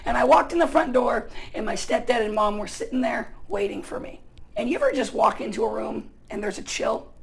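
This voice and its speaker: A male pastor from the United States preaching a sermon in a casual, chatty storytelling way, full of fillers, with bursts of loud emphasis. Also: very high-pitched, very animated, fairly quick, gravelly, low-quality recording.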